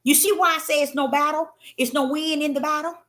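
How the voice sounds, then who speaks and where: A woman hosting a spiritual talk, telling stories in an animated, emphatic way that swings between loud and hushed. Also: high voice, brisk. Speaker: host.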